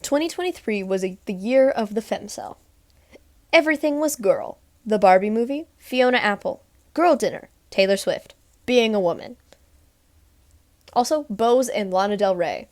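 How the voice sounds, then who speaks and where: A woman's voice: medium pitch, expressive, normal speed, no echo, studio quality. A woman from Texas talking casually to camera in a rambling vlog recap, full of "like" and "um". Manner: rambling, lots of "like" and "um". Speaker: vlogger.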